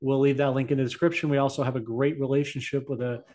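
An easygoing male host in a relaxed conversation, speaking in a middle register. He lays out his views with calm confidence and adds a little housekeeping along the way. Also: mid-range voice, fast talker. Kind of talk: casual chat.

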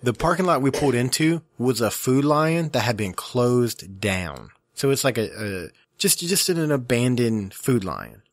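A man's voice: mid-range voice, very animated, a little slow, few pauses, no echo. A young man with a mid-range voice co-hosts a casual podcast and tells long stories with dry, wry humor. The sound is close and dead dry. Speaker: podcast co-host. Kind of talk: casual chat.

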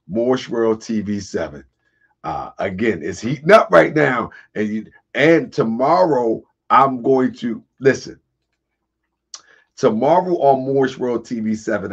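A man hosting a casual livestream, husky and getting over a cold, talking to viewers, laughing often and answering chat comments. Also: medium pitch, dull audio. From Baltimore area. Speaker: livestream host.

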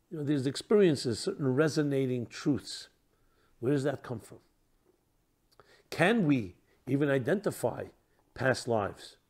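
A man speaking as a rabbi in a reflective teaching talk, posing rhetorical questions and trailing off softly at the ends of phrases. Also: medium pitch.

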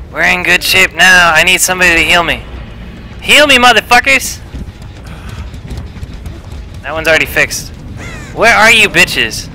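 A young man streaming a horror game, swearing and shouting in panic as he plays. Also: fairly high pitch, low-quality recording. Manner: loud, panicky, swearing, shouts and trash-talks while playing. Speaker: gamer streamer. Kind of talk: live horror game commentary.

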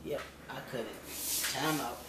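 An older grandmother talks through her home cooking in a folksy, chatty way, addressing viewers directly and checking in with them. Her voice sits at an ordinary pitch for a woman. It bounces around an echoey kitchen with loud noise behind it. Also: measured pace. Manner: folksy, chatty, keeps asking "okay?" and calls viewers y'all and baby. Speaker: home cook. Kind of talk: cooking demonstration vlog.

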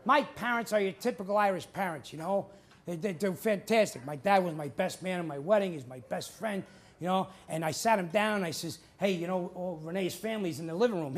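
New man doing stand-up, very high voice, punchy and quick, TV studio. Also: a bit bright. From New Jersey. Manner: punchy joke delivery with put-on character voices. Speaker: stand-up comedian. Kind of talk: stand-up comedy set. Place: TV studio with live audience.

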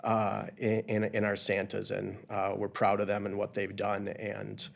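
Man, low voice, business co-owner, halting casual interview talk, lots of um and uh. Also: completely flat delivery, creaky. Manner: hesitant, many fillers and restarts.

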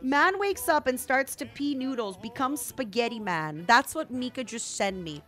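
A young woman streaming a video game, chatting casually with viewers in excitable bursts. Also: on the high side, normal speed. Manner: excitable, yelling and laughing bursts. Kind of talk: casual gameplay commentary. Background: game music.

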